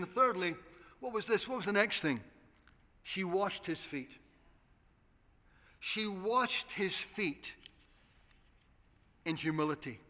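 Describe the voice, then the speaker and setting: Pastor preaching earnest, high bright voice, big echoey hall. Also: male voice, expressive, a little slow, pauses often. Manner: earnest preaching with repeated appeals to the congregation. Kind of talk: sermon. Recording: long hall reverb.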